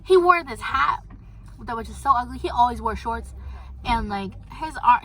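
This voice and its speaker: A woman's voice: fairly high pitch, very animated, moderate pace. A teenage girl vlogging, telling gossipy stories about her crushes in casual chat. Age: teens. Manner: chatty, gossipy storytelling.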